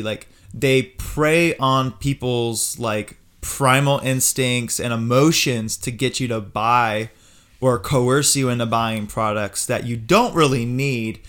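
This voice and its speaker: Measured man steering a podcast chat. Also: mid-range voice, fairly bright tone, smooth. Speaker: podcast co-host. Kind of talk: casual political chat.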